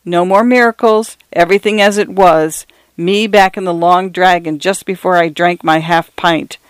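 A frightened little clerk, put on by a man reading aloud cries out in a high, urgent voice and plain, rough grammar. His tone stays smooth and clear even in his panic. The room sound is dry and close, in the manner of a storybook reading. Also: normal speed, dry recording, lightly acted. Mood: commanding, urgent.

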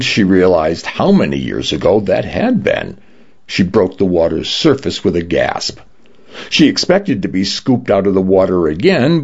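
Deep gravelly male audiobook narrator. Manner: expressive storytelling. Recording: dull lo-fi recording.

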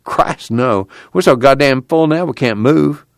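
A man's voice: mid-range voice, measured pace, creaky, dry recording, voice pushed up. A man voicing a blunt, impatient tough man who scolds crudely and gives orders.

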